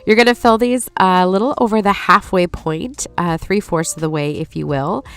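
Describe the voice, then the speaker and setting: A woman's voice: medium pitch, moderate pace. A woman in her forties with a stuffy, nasal voice from allergies, chatting viewers through a recipe as a lifestyle host. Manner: chatty, apologetic, warm asides to viewers. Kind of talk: casual recipe voice-over. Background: soft background music.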